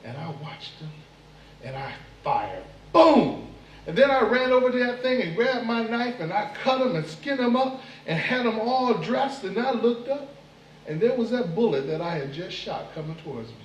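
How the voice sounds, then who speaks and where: A man voicing a boastful male fly spinning a tall tale, lively and bragging. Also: high-pitched, normal speed, a little hiss or hum. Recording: echoey room, mic far off.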